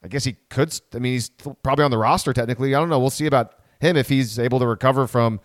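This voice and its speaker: Hosting a laid-back sports podcast, this man works through the team in a rambling way, often correcting himself and dropping quick asides. His medium-pitched voice comes through clean, studio-recorded, without echo.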